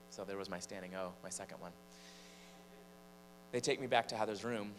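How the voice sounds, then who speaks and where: A man's voice: fairly low pitch, fairly quick, pauses often. A man from Michigan, a preacher and singer, animatedly telling a personal story from the pulpit in a large church. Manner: animated storyteller, building suspense. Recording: long church reverb, faint mains hum.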